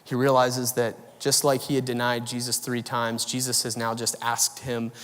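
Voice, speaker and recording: A man preaching a sermon as pastor, telling a story with animated swings between loud bursts and quiet, low lines. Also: normal speed, big-room sound. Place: large church auditorium.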